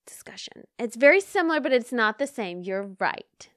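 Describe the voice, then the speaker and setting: A woman's voice: a little high, very animated, normal speed, fairly bright tone, no room sound, studio quality. A woman co-hosting a podcast, talking enthusiastically in casual chat. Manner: enthusiastic, talkative. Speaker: podcast co-host.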